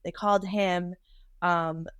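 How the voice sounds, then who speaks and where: A woman's voice: fairly low pitch, fairly even intonation, a bit bright, clean tone, no echo. Woman in her 30s telling a painful story, stops and repeats herself a lot, dry close sound. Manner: halting, repeats words while recounting. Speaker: guest. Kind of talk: emotional personal storytelling.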